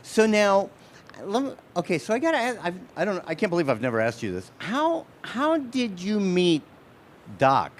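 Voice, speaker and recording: A man's voice: high-pitched, huge pitch swings, normal speed, a little hiss or hum. A man hosting a casual interview, joking around and often repeating his words as he talks. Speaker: host.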